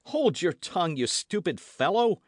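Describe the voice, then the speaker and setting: A man's voice: on the high side, a little slow, dry recording, studio quality, pitched above the performer's own voice. A man voicing a frantic young swordsman. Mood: alarmed. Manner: excited, raised and loud. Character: frantic young male swordsman, breathless and urgent. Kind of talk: audiobook character voice.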